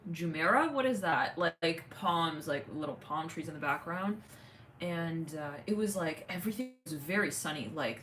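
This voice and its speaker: A woman's voice: on the low side, slight background noise. A woman hosting a casual livestream, chatting in a rambling way with many fillers, thanking viewers. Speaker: livestream host.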